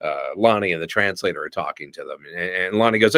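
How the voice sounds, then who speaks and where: Animated middle-aged male storyteller. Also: sits low, fast, hardly any pauses, no echo, studio quality. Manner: animated storyteller who slips into voices. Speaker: voice actor guest. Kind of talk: storytelling in a podcast interview.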